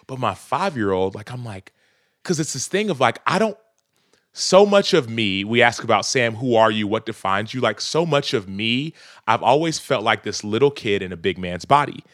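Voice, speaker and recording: A man's voice: medium pitch, expressive, moderate pace, fairly bright tone, no room sound, clean studio sound. A man in his thirties, a podcast guest talking earnestly and reflectively in casual conversation, often breaking into laughs.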